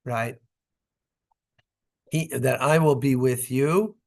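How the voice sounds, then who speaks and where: A man's voice: medium pitch, takes it slowly, vocal fry. A man leads a Torah study class as its rabbi. He reads a verse phrase by phrase and explains each one in a conversational, step-by-step way, often checking in with his listeners. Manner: reads short Hebrew phrases, then explains in English; conversational, checks in with "right?" and "okay?". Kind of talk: Torah study lesson, reading verses and translating.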